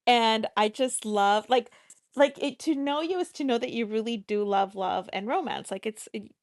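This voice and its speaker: A woman's voice: on the high side, moderate pace, no room sound, clean studio sound. A woman co-hosting a podcast in casual chat, talkative and playful, laughing often. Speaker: podcast co-host.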